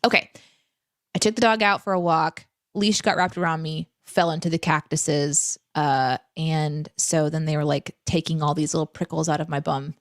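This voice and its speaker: A young adult woman co-hosting a casual live stream from home, reading viewer questions and telling stories in an animated, chatty way. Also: sits low, moderate pace, dry recording, studio quality. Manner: animated, chatty storytelling with fillers. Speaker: co-host. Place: home room.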